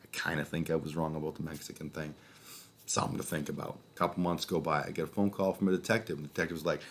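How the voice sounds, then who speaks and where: A man in his thirties from Calgary telling a personal story as a vlogger in a casual monologue, profane and sardonic, with sudden loud outbursts. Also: rumbling low, steady tone, fast talker. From Calgary, Canada.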